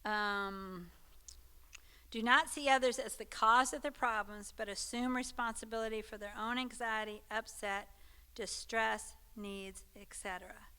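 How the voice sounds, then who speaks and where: Woman, Sunday school teacher; bright, crisp voice, chatty, keeps checking in with the class. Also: on the high side, fairly even intonation, unhurried. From Texas. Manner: conversational, checks in with listeners. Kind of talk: church teaching talk.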